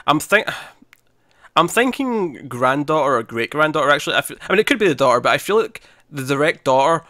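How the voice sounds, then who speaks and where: A man's voice: fairly high pitch, big pitch swings, brisk, sharp tone, no echo, studio quality. A man co-hosting a podcast in casual chat, chatty and laughing often, acting out quotes as he talks. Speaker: podcast co-host.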